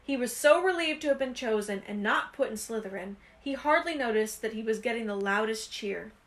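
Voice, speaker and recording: A woman reading a children's fantasy novel aloud with expressive, lively storytelling. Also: a little high, brisk. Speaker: reader.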